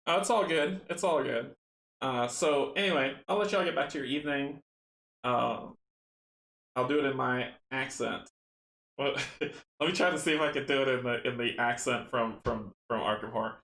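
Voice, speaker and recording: A young man with a gravelly, creaky voice talks in a rambling, earnest and grateful way, closing out his stream. The sound carries a roomy echo from his home setup. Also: mid-range voice, normal speed, fairly bright tone. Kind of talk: casual stream sign-off chat.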